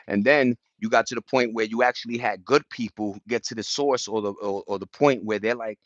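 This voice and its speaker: A man's voice: on the low side, fairly quick, no room sound, highs cut off. A man ranting casually on a livestream outdoors, talking to his chat in profane street slang and acting out what other people say. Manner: animated, profane street slang, acts out quotes. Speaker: livestream host.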